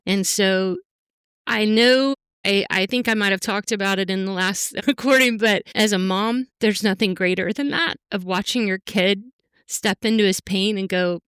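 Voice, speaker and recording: Earnest middle-aged woman with a smooth voice. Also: mid-range voice, a bit bright, no room sound, studio quality. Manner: heartfelt, halting, full of fillers. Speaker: podcast guest. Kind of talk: emotional personal interview.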